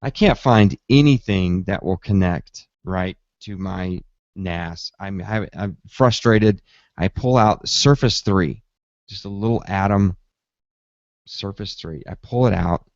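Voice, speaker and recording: A lower-voiced man hosts a casual tech podcast and tells his story with animated energy, acting out his own reactions. The sound is dry and close, a little dull and lo-fi. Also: slow pace, no room sound. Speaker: podcast host.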